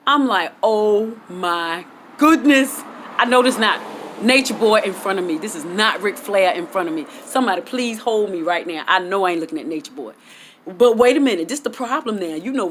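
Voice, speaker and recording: A woman vlogger telling a casual story to her viewers in chatty vernacular speech. She gets excitable and jumps high in pitch on her punchlines. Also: slight background noise. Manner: chatty Southern US vernacular, talks straight to viewers. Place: at home, outdoors.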